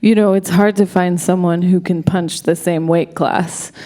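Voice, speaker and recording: Woman director at a festival Q&A, a touch low-pitched, restless and self-correcting, gushing as she talks. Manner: halting, full of restarts and self-corrections; excited, tumbling storytelling. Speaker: film director, guest at a Q&A. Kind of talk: live panel Q&A conversation. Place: stage at a film festival event.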